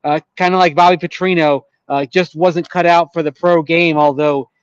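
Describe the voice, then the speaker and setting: A man co-hosting a sports radio show, explaining calmly and at length. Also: fairly high pitch, moderate pace, smooth, no echo, highs cut off. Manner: calm, explanatory, with fillers and restarts. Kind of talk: measured sports talk analysis.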